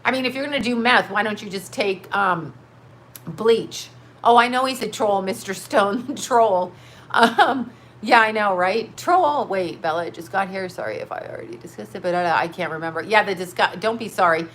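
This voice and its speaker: A woman's voice: medium pitch, moderate pace, fairly bright tone, slight background noise. A middle-aged woman hosting a livestream, reading chat comments and ranting bluntly, with plenty of profanity. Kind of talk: casual livestream rant. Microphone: webcam or phone mic.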